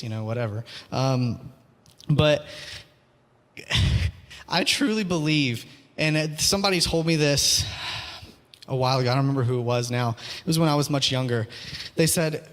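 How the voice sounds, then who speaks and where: A man preaching a sermon, earnest and pleading, repeating his phrases; he also teaches school. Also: medium pitch. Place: church hall. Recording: long hall reverb.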